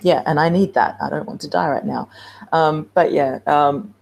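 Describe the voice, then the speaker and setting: A woman's voice: low voice, moderate pace, gravelly, darkish tone, a little hiss or hum. A woman chatting casually as a player in a tabletop game.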